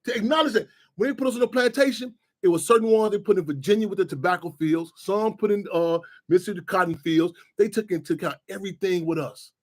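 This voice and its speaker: A radio show host with a high voice talks fast in a casual, rambling monologue, repeating "you know what I'm saying" along the way.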